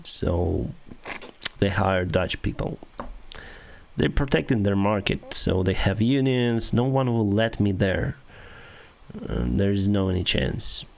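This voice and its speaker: A man in his thirties with a Ukrainian accent, an airline pilot chatting casually with viewers on a live stream in halting English. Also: lowish voice, expressive, creaky, slight background noise. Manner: halting non-native English with restarts and soft laughs.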